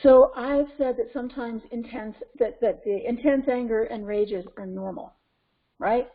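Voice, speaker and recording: A woman parenting coach with a North American accent teaching a webinar in an animated way, acting out scenes. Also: on the high side, unhurried. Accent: North American English. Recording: lo-fi conference call audio.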